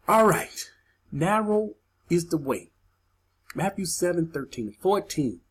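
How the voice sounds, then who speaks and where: A woman's voice: on the low side, big pitch swings, unhurried, pauses often, husky. A woman preaching a sermon, emphatic, repeating key phrases and asking her listeners questions.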